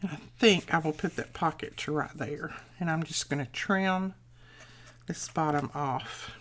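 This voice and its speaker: A woman's voice: deep voice, a little slow, a bit bright, slight background noise. An older woman, chatting casually and folksily while she walks through a crafting tutorial, thinking aloud as she works. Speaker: crafting channel host.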